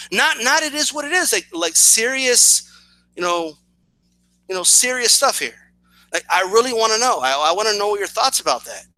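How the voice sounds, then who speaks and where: A man's voice: sits high, pushed and bright, dry recording, rough recording. A man hosting a video channel, firing off a challenging response to a rival. He talks in a sarcastic, repetitive way, restarting phrases and asking "right?" again and again. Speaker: boxing commentary channel host.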